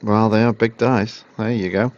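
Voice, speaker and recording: An English man commentating a card game match in a relaxed, reactive way. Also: fairly low pitch, moderate pace, dry recording. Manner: relaxed, reactive, laughs often. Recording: dry, dull lo-fi stream audio.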